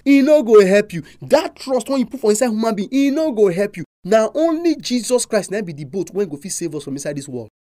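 Animated preacher with a Nigerian accent. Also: mid-range voice, a little fast, few pauses, dry recording, clean studio sound. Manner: animated, emphatic rhetorical questions. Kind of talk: sermon.

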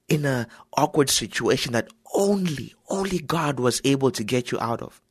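A man's voice: mid-range voice, expressive, normal speed, slightly rough, no room sound. A man hosting a Christian radio program and speaking directly to his listeners. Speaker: radio host.

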